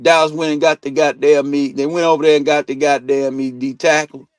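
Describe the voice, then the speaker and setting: Heated, high-voiced man ranting about football. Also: level tone, fairly quick, dry recording, faint music behind. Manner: heated, blunt, swears a lot, swings loud and quiet. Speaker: sports talk show host. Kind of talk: profane sports opinion rant. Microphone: streaming mic.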